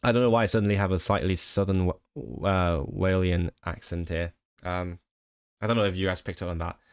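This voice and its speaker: Guy streaming and chatting w/ viewers, lowish voice, laughs a lot, keeps restarting sentences. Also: fairly even intonation, brisk, clean tone. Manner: chatty, rambling, laughs often, many restarts. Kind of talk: casual live-stream chat.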